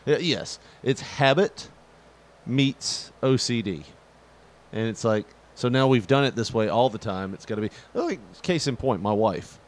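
Rambling, animated man. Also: measured pace. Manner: animated storyteller, jumps into high-pitched quoted voices; rambling, many fillers and restarts. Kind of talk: casual chat.

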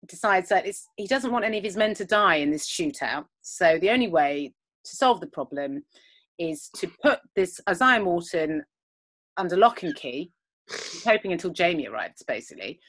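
Recording remotely from home over a video call, a woman co-hosts a podcast that recaps a TV episode. She rambles through it with many fillers and retells scenes, her voice lowish and a bit bright.

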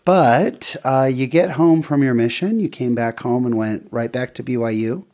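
A middle-aged man hosts a casual interview and keeps his questions lively and encouraging. His voice sits at an ordinary middle pitch for a man. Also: moderate pace. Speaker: interview host.

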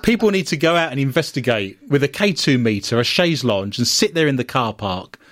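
A man's voice: mid-range voice, expressive, brisk, a bit bright, no echo, studio quality. A man co-hosting a podcast, reading odd news stories aloud with teasing, wry quips. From Britain. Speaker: podcast co-host.

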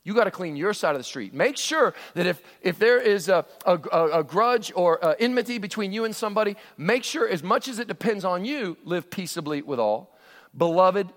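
A man with a fairly high voice delivers a sermon, earnest and emphatic, stumbling and restarting as he drives each point home. His words ring out through a large hall with a long reverb tail. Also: expressive, normal speed. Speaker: pastor.

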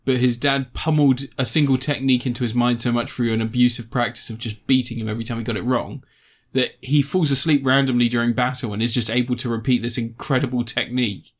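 Talking quickly in a mid-range voice with fairly even intonation, a young film reviewer rambles casually about a movie he saw. He curses freely, laughs a lot and keeps restarting sentences.

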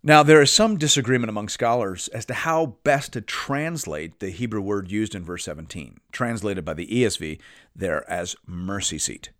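A man teaching a Bible study, reading scripture aloud and explaining it in a measured way with lively emphasis. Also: lowish voice, no room sound, studio quality.

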